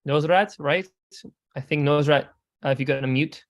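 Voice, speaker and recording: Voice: medium pitch, moderate pace. A host introducing a speaker and welcoming the audience at an online meeting, part of it read out. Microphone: video call.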